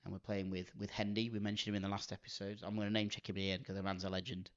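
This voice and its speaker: A man's voice: on the low side, little pitch movement, rapid-fire, fairly bright tone. A man, co-hosting a casual golf podcast and telling rambling, self-mocking stories. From Manchester, England. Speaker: podcast co-host. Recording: dull lo-fi podcast audio.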